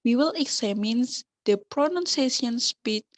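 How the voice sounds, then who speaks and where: A young woman with an Indonesian accent giving a class presentation, halting and switching between English and Indonesian to explain terms. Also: a little high, expressive. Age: young adult. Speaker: student presenter. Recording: muffled lo-fi recording.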